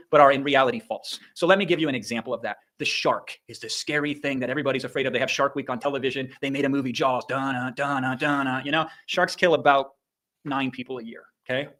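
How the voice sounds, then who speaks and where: Fast-talking emphatic Iowa-raised man. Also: fairly high pitch, fairly bright tone. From Iowa, USA. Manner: emphatic, punchy, drops profanity and sound effects. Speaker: online business coach speaking on a livestream. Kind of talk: energetic motivational livestream talk.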